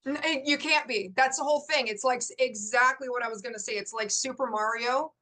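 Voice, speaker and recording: A middle-aged woman coach, a guest in an interview, telling a story in lively bursts and laughing often. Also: a little high, fairly quick.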